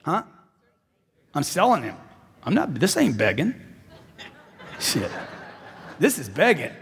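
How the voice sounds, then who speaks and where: A man's voice: a little high, wildly swooping pitch, slow, creaky, long pauses, fairly bright tone, big-room sound, slight background noise. A man giving a live sales seminar speech, intense and emphatic, repeating phrases for punch. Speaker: motivational sales speaker.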